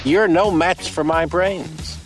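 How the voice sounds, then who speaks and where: Smug, scornful braggart, slightly high voice, slow sneering delivery, film music faintly behind. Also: male voice, fairly even intonation. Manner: condescending, slow and drawn out. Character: smug arrogant man boasting of his brains.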